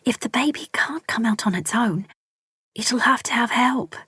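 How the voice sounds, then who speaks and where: A woman voicing a sharp, plain-spoken young woman who barks orders in a storybook reading. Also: on the high side, normal speed, husky, no room sound, voice pushed up, heavily acted. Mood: urgent. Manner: sharp, commanding.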